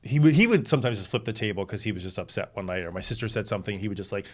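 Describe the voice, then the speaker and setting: A man's voice: fairly low pitch, very fast. Candid man telling family stories. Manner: lively anecdotal, acts out quoted voices. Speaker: podcast guest, TV director. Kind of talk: candid conversational storytelling.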